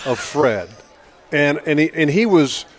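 A man's voice: on the high side, animated, slow. Man co-hosting a casual radio chat. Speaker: radio show co-host. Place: live remote broadcast at a store.

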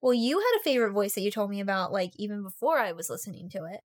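Chatty woman talking books, says like a lot, mid pitch, dry close sound. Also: big pitch swings, no room sound. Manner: chatty, quick, lots of "like" and "yeah". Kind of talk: casual book discussion.

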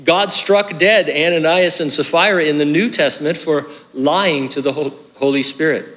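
A man's voice: a little high, moderate pace, a bit bright, in a large hall. A man preaching a sermon as pastor, earnest and conversational, with hiccups and casual asides.

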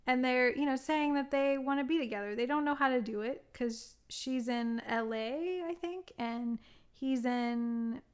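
Smooth-voiced woman chatting about a movie, gushy and excited. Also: high voice, a little slow. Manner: gushing, animated retelling of scenes. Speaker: podcast co-host. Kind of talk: casual film review chat.

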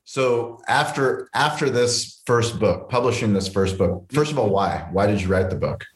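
A man's voice: on the low side, moderate pace, reverberant. A man hosting a podcast and chatting casually and enthusiastically with his guest. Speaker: podcast host. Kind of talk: casual interview.

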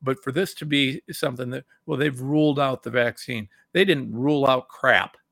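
A middle-aged male talk show host, delivering angry political commentary. His voice is gravelly and bright, with a dry, close recording, and he swings from loud outbursts to low muttering. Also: normal speed, no echo. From Ohio.

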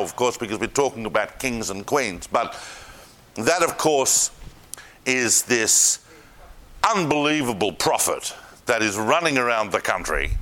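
Man, Bible teacher, lively storytelling lecture, chatty asides, bright voice. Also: mid-range voice. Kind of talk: lively lecture to a live class.

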